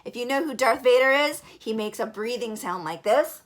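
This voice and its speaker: A woman's voice: a little high, animated, moderate pace. A woman giving an upbeat breathing and singing lesson for children, encouraging and demonstrating as she goes. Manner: bright, encouraging, demonstrates breaths and sings alphabet. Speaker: vocal teacher for kids.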